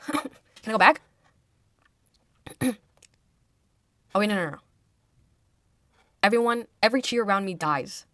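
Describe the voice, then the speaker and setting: A woman's voice: medium pitch, expressive, a little slow, long pauses, fairly bright tone, no echo, studio quality. A young woman chatting casually while reading a game's story aloud, giggly and full of fillers. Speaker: gamer. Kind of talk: let's-play commentary, reading game text aloud.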